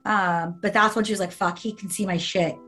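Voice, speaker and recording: A woman's voice: medium pitch, fairly even intonation, a bit bright. Emphatic woman telling a story. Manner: emphatic, quick storytelling with repeated phrases and swearing. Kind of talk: casual conversation.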